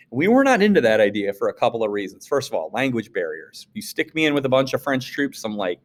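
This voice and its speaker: A man, a social studies teacher, giving a casual classroom lecture, animated and playful, jumping into quick acted-out voices. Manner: animated, acts out quoted voices with big pitch jumps.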